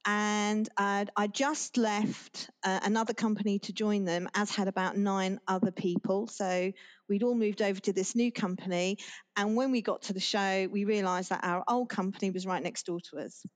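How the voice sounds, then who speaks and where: A woman speaks as a podcast guest in a mid-range voice, telling a long story with many restarts and pauses. Her delivery is relaxed and conversational, and she laughs now and then as she talks. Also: mid-range voice. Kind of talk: casual interview chat.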